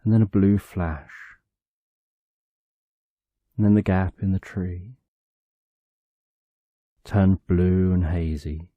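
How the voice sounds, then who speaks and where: A man narrating a bedtime story for sleep, calm and drawn out, in short phrases with long pauses. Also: low voice, no room sound, narrow, tinny audio.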